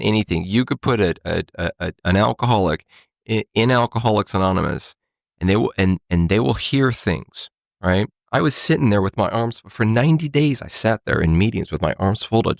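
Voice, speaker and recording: A man with a low, gravelly voice talks through his own story in a casual, halting way, full of restarts and "you know". The sound is dry and close to the mic. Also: dry recording. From California. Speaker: podcast guest sharing recovery story.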